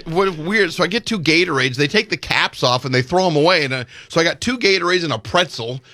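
A man's voice: a little high, quick pace, dry recording, studio quality. A man co-hosting a casual chat, telling a long story and acting out the quoted dialogue. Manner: animated, acts out quoted dialogue. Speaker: podcast co-host telling a story.

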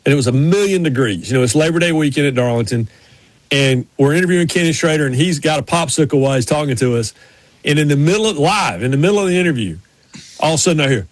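A man's voice: fairly high pitch, no echo. A middle-aged man, co-hosting a podcast, who tells rambling stories full of restarts. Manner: rambling storyteller with many restarts. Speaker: podcast co-host. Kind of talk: casual chat.

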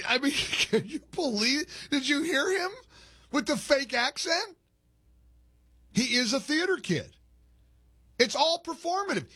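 An indignant male commentary host delivers a rambling, opinionated monologue full of restarts. His husky voice sits a bit high and swoops up and down with lively emphasis.

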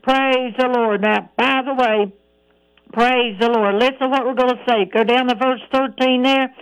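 A woman preaching a radio sermon, breaking every phrase with "praise the Lord" and reading scripture slowly. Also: fairly high pitch, steady tone, clean tone, low-quality recording. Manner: reads scripture aloud in a slow, measured voice.

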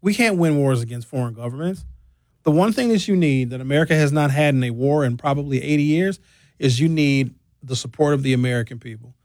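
A man's voice: mid-range voice, fairly quick, darkish tone, no echo. A man giving a blunt, sarcastic comedic political rant.

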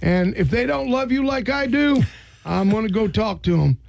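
A man hosting a radio interview in a studio, talking quickly and teasing his guests in a joking way. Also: high voice, lively intonation, creaky, a little mellow, dry recording. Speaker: radio host.

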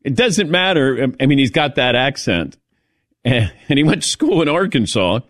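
A man's voice: medium pitch, sing-song, normal speed, a bit bright, no room sound, clean studio sound. A man hosting a talk show, bantering casually with his crew and calling on them by name, often laughing.

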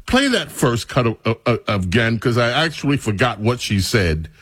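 A man's voice: medium pitch, breathy edge, dry recording. A man hosting a talk radio show, mocking and opinionated, who stretches out his words. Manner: mocking, animated, drawn-out words.

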